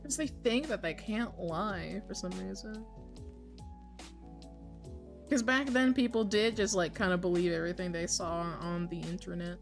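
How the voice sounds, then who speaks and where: A woman co-hosting a podcast in casual chat, swearing freely, laughing often and mocking people in quick put-on quotes. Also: medium pitch, vocal fry, over music. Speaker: podcast co-host.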